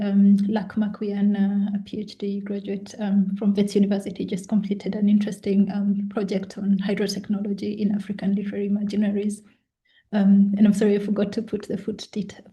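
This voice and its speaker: A woman giving an academic lecture, measured and thoughtful, often pausing with "um" and restarting her sentences. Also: mid-range voice, warm tone, rough recording. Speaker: guest lecturer. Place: online lecture.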